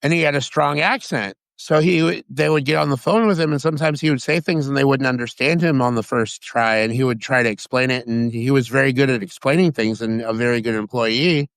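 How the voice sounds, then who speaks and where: A man from Sacramento, California, chatting as a guest, telling stories in an excitable, rambling way with frequent restarts. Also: medium pitch, brisk, vocal fry, few pauses, no room sound. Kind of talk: casual chat.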